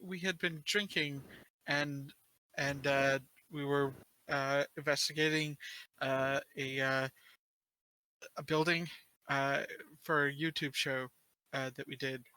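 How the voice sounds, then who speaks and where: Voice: mid-range voice, steady tone, slow pace, sharp tone, clean tone, no room sound. A player in a tabletop role-play who speaks hesitantly and gets exasperated, with some swearing.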